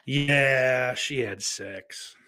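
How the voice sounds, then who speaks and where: A man's voice: mid-range voice, very slow, bright, forceful tone, slight background noise. A man with a Southern US accent, hosting and reading chat messages aloud, rambling and swearing bluntly. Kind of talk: casual chat.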